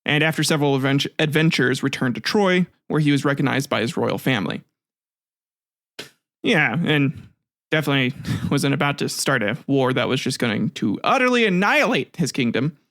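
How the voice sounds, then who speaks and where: A man's voice: mid-range voice, lively intonation, normal speed, fairly bright tone, no room sound, studio quality. A man hosting a casual history podcast, retelling myths with swearing, laughter and jokey asides, often restarting his sentences. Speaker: podcast host.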